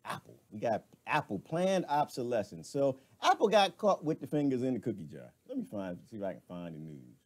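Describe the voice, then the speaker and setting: Animated laughing man ranting on stream. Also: mid-range voice, a little fast, hardly any pauses. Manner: animated, laughing, talks back to viewers; colloquial, drawling asides. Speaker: live stream host. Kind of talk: casual ranting monologue.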